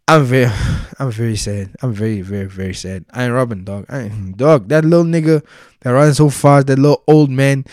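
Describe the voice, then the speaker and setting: A man's voice: mid-range voice, dry recording, studio quality. A young South African man giving casual solo commentary, profane and heated, heavy with slang.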